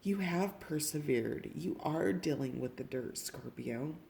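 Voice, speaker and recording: A woman giving an intuitive tarot reading, gentle and emotional, speaking directly to the viewer. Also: sits low, animated, unhurried, creaky, a little hiss or hum. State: tearful. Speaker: tarot reader.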